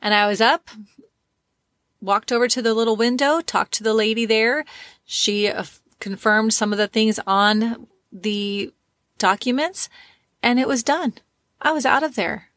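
A woman's voice: a little high, unhurried, long pauses, a bit bright, no room sound. A woman in her fifties hosting a motivational podcast. She tells a story in a chatty way and then gives emphatic, encouraging advice to her listeners. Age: 50s. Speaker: podcast host, life coach.

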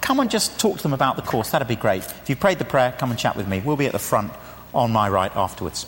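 A man preaching a sermon, earnestly pleading and slowing down gently to lead a prayer. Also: mid-range voice, expressive, a little hiss or hum. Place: church. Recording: church hall reverb.

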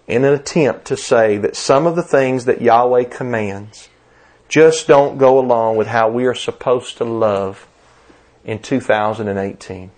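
An older man with a Southern US accent preaching a sermon, driving his points home with emphatic repetition and rising stresses. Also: mid-range voice. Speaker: pastor.

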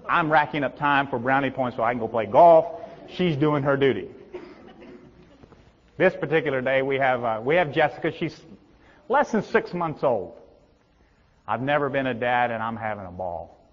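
A middle-aged male pastor preaching a sermon, swinging between loud emphatic peaks and hushed low tones. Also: expressive, moderate pace. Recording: dull reverberant hall sound.

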